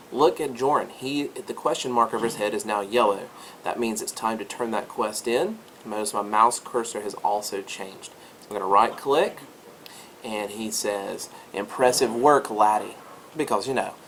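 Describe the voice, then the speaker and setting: A man talking through a game tutorial in an upbeat, chatty style, with a voice pitched in the middle range for a man. A faint hiss of background noise sits under his voice. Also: fairly bright tone. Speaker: teacher demonstrating a game. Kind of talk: screen-recorded game tutorial.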